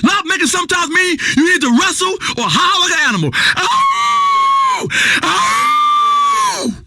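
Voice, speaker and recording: A hollering, crude spiritual guru. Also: male voice, very high-pitched, big pitch swings, fast talker, shouting, very noisy. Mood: preachy. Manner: preachy, rambling, crude, bursts into hollering. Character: self-proclaimed male spiritual guru, crude and preachy. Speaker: radio talk show host. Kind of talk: scripted radio comedy acting.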